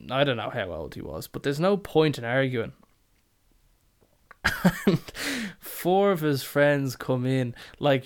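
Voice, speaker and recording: A young podcast host tells comic stories from work in a casual, rambling, sweary way, dropping deadpan asides. His voice is mid-range and clean in tone.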